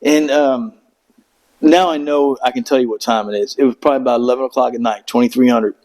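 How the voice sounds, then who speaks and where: A middle-aged Marine veteran, appearing as a guest, tells a rambling, profane story in casual conversation, acting out quotes in raised voices. His medium-pitched voice is steady, a little mellow, and fast, and the recording quality is low.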